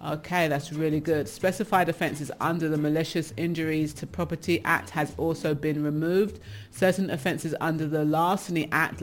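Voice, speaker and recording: Chatty English woman radio host. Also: low-pitched. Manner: chatty, laughs often, comments on what she reads. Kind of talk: casual radio chat, reading out news items.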